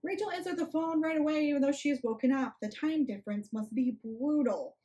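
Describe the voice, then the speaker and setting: A woman's voice: high voice, fairly quick, warm tone. A young woman giving a sarcastic, casual rant review of a book, with snarky asides.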